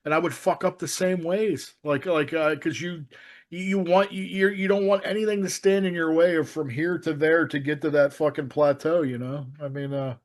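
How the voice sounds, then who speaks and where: A man co-hosting a casual film-discussion podcast, rambling and excitable, swearing often and restarting his sentences. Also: a little high, normal speed. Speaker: podcast co-host.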